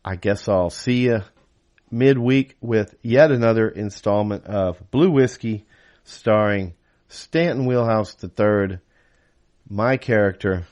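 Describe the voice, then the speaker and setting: A man's voice: fairly low pitch, slow, darkish tone. A man reading his own novel aloud in first person, then chatting casually to close the episode. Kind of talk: audiobook reading.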